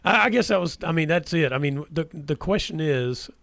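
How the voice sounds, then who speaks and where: Guy hosting local sports radio, kinda high voice, rambly, dry studio sound. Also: lively intonation, moderate pace, creaky, fairly bright tone, no echo. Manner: rambling, hesitant, many restarts. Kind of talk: casual sports talk.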